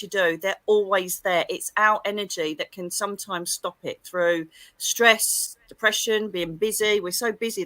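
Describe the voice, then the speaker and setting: Bright, chatty woman medium. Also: mid-range voice, no echo. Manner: chatty, animated storyteller with frequent exclamations. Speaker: psychic medium guest. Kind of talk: casual livestream chat.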